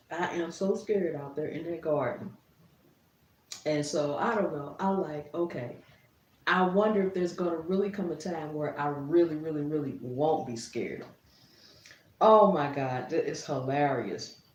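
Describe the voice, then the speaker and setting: Middle-aged woman vlogger, animated and laughing, mid pitch, recorded a bit off-mic in an echoey space. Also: unhurried, long pauses, slight background noise. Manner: laughs often, animated storyteller. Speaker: gardening vlogger. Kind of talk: casual storytelling to camera. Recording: roomy, a bit distant.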